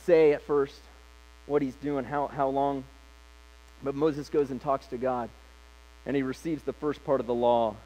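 A man's voice: medium pitch, a little mellow, poor audio. A male pastor preaching a sermon, retelling scripture in a casual, conversational way.

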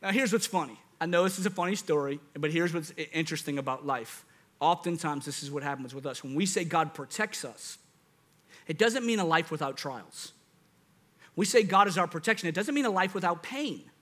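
A young man preaching a sermon, telling stories in an animated way with big swings in his voice. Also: fairly high pitch, a little fast. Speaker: pastor.

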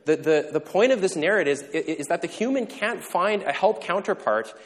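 A male pastor giving a conversational sermon, joking in quick asides and checking in with the congregation. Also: high-pitched, animated. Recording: long reverb in a large hall.

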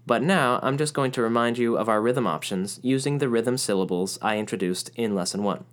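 A man's voice: medium pitch, brisk. Man teaching music, sings syllables. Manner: clear, explanatory, sings rhythm syllables. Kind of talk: scripted lesson narration.

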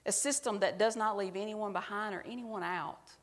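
A woman's voice: mid-range voice, moderate pace, big-room sound. A woman pastor giving a sermon, speaking to the congregation in a conversational, self-mocking way.

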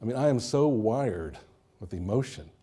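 Male pastor, mid-pitched and mellow, emphatic sermon delivery with rhetorical questions. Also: expressive, normal speed, breathy edge. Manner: emphatic preaching with rising and falling intensity, rhetorical questions.

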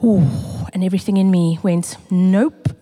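A woman sharing a personal testimony in a sermon, earnest and emotional, building through repetition and dropping to a hush. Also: a little high, moderate pace. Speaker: church community speaker. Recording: long reverb of a large hall.

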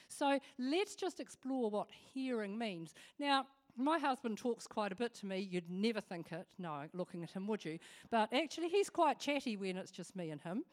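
Animated New woman giving a devotional. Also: mid-range voice. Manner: chatty and animated, with humorous asides. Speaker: devotional speaker. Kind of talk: informal devotional talk.

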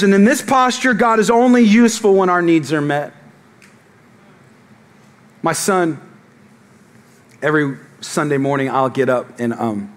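A middle-aged male pastor preaching a sermon, telling jokes and stories and calling out to the congregation. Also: medium pitch. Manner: animated, joking storytelling to the congregation.

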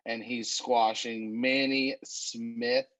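A man co-hosting a wrestling podcast, walking through the matches in easy casual chat. He talks slowly and unhurriedly, with plenty of fillers and restarts. His voice is recorded dry and close, with no room sound. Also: medium pitch, little pitch movement, a bit bright, no echo, rough recording.

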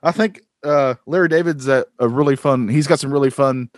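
Brisk and mid-range, this man's voice carries a rambling, casual podcast chat as a co-host, with frequent fillers and restarts. There's no room sound, just clean studio audio.

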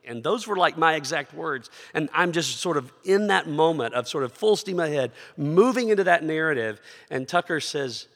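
A man's voice: fairly high pitch, animated, moderate pace, hardly any pauses, fairly bright tone. A middle-aged man preaching a sermon as a pastor, telling a personal story in a conversational way and asking rhetorical questions. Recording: long reverb of a large hall.

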